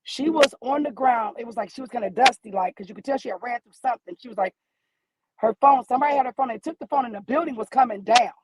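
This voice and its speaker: A woman's voice: a little high, fast, slight background noise, low-quality recording. A middle-aged woman calling in from her car, telling a personal story with feeling and acting out the voices in her dialogue. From American Midwest. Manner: animated storyteller who acts out dialogue. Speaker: guest caller, mother. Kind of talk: emotional personal account by phone from her car.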